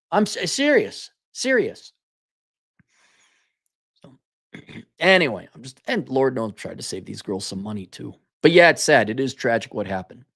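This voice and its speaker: A man's voice: a little high, fairly bright tone. A man hosting a show, talking in a blunt, profane, sarcastic casual monologue and reading out viewer comments. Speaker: host.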